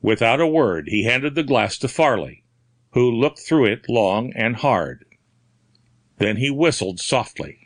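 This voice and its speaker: A man reading a mystery story aloud in steady, measured audiobook narration. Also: fairly low pitch, no room sound.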